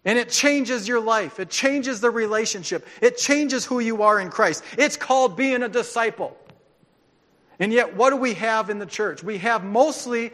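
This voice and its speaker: A man preaching a sermon as a pastor, animated and joking, acting out quoted voices. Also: very high-pitched, a little slow, long reverb tail. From grew up on a farm.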